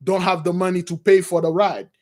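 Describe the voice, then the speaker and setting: Man doing a giant underworld god, deep, slow, taunting, menacing. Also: steady tone, natural voice.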